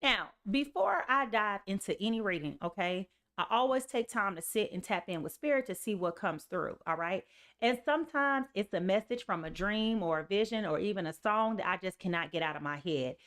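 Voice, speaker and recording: A woman's voice: mid-range voice, animated, normal speed, fairly bright tone. A woman reading tarot on a live stream in an emphatic, casual way, often saying "okay" and "y'all". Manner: sings snatches of songs and reads lyrics aloud. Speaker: tarot reader.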